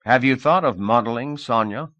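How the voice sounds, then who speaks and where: A man voicing a confident middle-aged male agent who talks in a brisk, coaxing way. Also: mid-range voice, fairly bright tone, dry recording, dull audio, pitched above the performer's own voice, natural voice.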